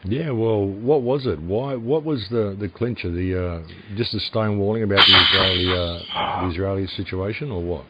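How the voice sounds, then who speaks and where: A man with a very low voice hosts a radio interview, asking questions and reflecting on the answers at a measured pace. The audio is dull and lo-fi. A faint hiss sits underneath. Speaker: radio show host.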